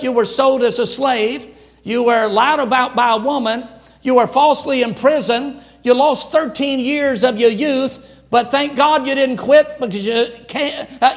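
An older man from Louisiana preaching a sermon in an emphatic, repetitive cadence. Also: very high-pitched. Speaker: pastor.

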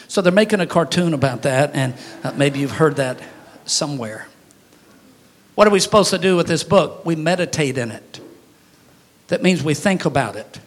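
A man preaching a sermon as pastor, folksy and humorous, breaking into sudden loud shouts. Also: fairly high pitch, expressive, moderate pace.

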